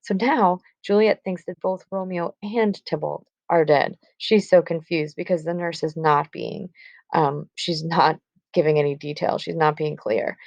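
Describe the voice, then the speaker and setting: A woman teacher explains a stage play in a casual, filler-laden way. Her voice is low and gravelly. The recording is dry and dull, with a lo-fi sound. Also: steady tone, unhurried, a little mellow, no echo. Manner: casual, with fillers like 'um' and 'like'.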